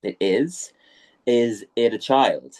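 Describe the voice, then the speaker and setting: A young Irish man co-hosting a casual podcast, animated, laughing often and acting out the scenes he talks about. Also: medium pitch, slow. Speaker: podcast co-host.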